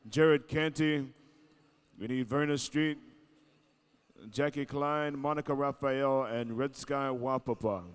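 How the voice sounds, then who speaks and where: A man's voice: mid-range voice, fairly even intonation, unhurried, clean tone. A man announcing at a powwow arena, easygoing and joking as he calls out names over a PA microphone. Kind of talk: live event announcing.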